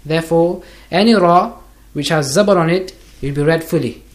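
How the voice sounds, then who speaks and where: Patient man teaching Quran recitation. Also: a little high. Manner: patient, correcting common errors and drawing out the recited words slowly. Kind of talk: one-on-one pronunciation lesson. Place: recorded lesson for listeners.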